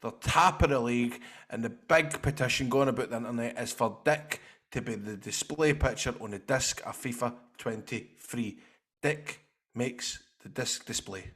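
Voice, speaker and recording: A man's voice: mid-range voice, normal speed, fairly bright tone. A Scottish man co-hosting a football podcast, telling stories in a chatty way and laughing often. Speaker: podcast co-host. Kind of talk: casual football chat.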